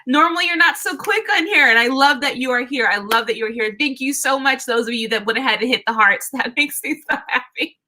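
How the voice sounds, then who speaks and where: A woman's voice: sits high, brisk, few pauses, sharp tone. A woman hosting a live tarot reading stream, chatting casually and upbeat, greeting viewers by name and often restarting her phrases.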